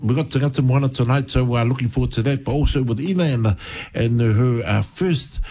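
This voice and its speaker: A man's voice: mid-range voice, a little fast, mellow. A man, hosting a radio show in easygoing on-air chat from a studio microphone. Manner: easygoing, talks in short runs with fillers. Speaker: radio host.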